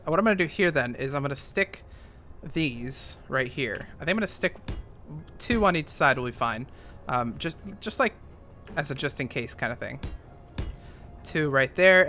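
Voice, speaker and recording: A man's voice: on the high side, bright, forceful tone, a little hiss or hum. A young man giving casual, rambling commentary while playing a game, thinking aloud with lots of fillers. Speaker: gaming YouTuber.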